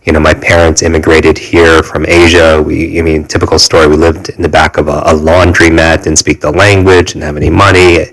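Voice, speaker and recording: A man in his forties, a podcast guest, telling a personal story earnestly, halting often with fillers and restarts. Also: very deep voice, little pitch movement, a bit bright, low-quality recording.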